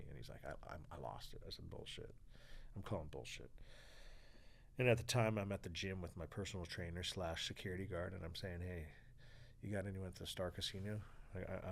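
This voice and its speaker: A California man in his forties, whose voice sits low and creaky, tells a lively story as a guest on a podcast interview. He mimics the people involved and swears freely, and a little hiss or hum runs through the audio.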